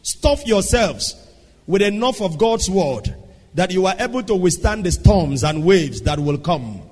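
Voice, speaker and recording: A man preaching a sermon, swinging from soft asides to shouted lines. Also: sits high, lively intonation, a little slow. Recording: long hall reverb.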